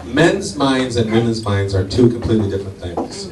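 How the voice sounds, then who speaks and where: A man doing stand-up comedy on a club stage, animated and acting out family dialogue. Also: medium pitch, moderate pace, heavy background noise. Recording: echoey club, from far off. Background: loud audience laughter.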